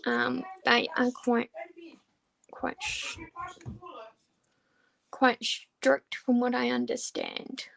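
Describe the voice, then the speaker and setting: A woman's voice: fairly high pitch, completely flat delivery, very slow, creaky, long pauses, fairly bright tone. A woman chatting casually with viewers while crafting, hesitant and full of ums as she answers them. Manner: hesitant, many ums and restarts. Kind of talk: casual chat while diamond painting.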